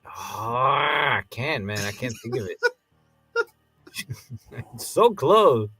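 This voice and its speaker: A man co-hosting a casual review podcast, retelling scenes in an animated way and acting out the characters. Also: medium pitch, slow, husky, faint music behind. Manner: animated storyteller, acts out scenes. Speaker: podcast co-host.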